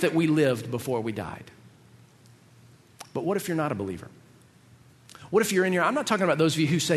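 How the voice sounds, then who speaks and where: Animated male preacher in an echoey hall. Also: a little high, fairly quick, long pauses. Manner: animated, casual, slangy asides. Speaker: pastor. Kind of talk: sermon.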